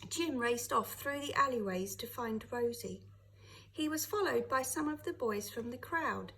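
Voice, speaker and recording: A woman, a teacher, reading a children's novel aloud with expressive storytelling. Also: fairly high pitch, unhurried, slight background noise, low-quality recording.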